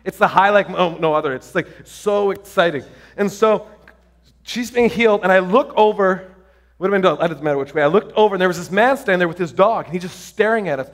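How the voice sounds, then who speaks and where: A male pastor delivers a sermon, excitedly telling stories full of restarts and filler words. His voice sits high.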